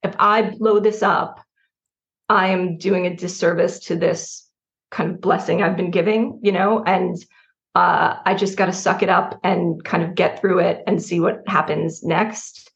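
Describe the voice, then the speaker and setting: Brief: middle-aged woman writer from New Jersey, candid and animated, often laughing, gravelly voice, slightly muffled mic. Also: on the low side, measured pace. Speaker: writer guest. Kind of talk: candid interview conversation.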